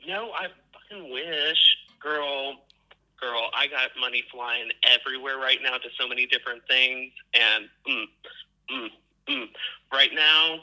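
A man's voice: medium pitch, a little slow, pushed and bright. A man from Texas with a Texan accent, chatting on a phone call in a gushing, playful way. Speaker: caller. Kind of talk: casual phone chat.

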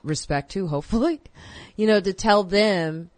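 A woman's voice: medium pitch, moderate pace, darkish tone, no echo. A middle-aged woman comedian chatting on a talk show, laughing often and mimicking other comics. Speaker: comedian guest. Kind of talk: casual talk show chat. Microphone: studio microphone.

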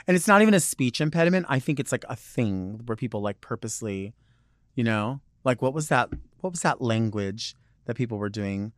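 A man's voice: mid-range voice, expressive, brisk, dry recording, studio quality. A man hosting a podcast alone, chatting in a rambling, digressive way full of fillers. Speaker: podcast host. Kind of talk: casual solo monologue.

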